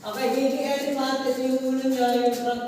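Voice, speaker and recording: A woman's voice: high-pitched, flat delivery, fast. Woman tour guide echoing in a cave. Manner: explanatory, mixes Tagalog and English. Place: inside a cave. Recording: echoey cave from far off, loud noise.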